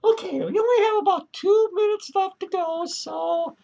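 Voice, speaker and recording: A man's voice: very high-pitched, normal speed, gravelly, warm tone. A man voicing a lonely woman clown who reviews movies and rants with profanity, laughing between lines. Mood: annoyed ranting. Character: foul-mouthed lonely woman clown, ranting film critic. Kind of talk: comic character movie review rant.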